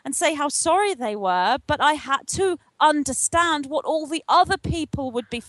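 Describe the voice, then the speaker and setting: An older woman with a fairly high voice tells her story in an earnest, animated way, slipping into the voices of the people in it. The sound is dry and close, with almost no room. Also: moderate pace, dry recording. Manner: earnest, animated retelling with acted-out dialogue. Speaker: guest, spiritual channel. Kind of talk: interview, personal storytelling.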